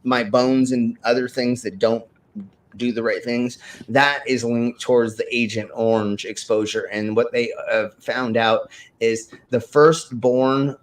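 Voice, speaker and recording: A man's voice: medium pitch, fairly even intonation, unhurried. A man hosting a casual group stream, rambling and swearing freely. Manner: rambling, swears, laughs often. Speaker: stream host.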